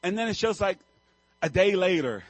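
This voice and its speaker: A male pastor delivers a sermon as a vivid story. His husky voice sits in a dry, close recording. He swings between hushed lines and sudden loud bursts. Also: sits high, animated, moderate pace, no room sound, low-quality recording.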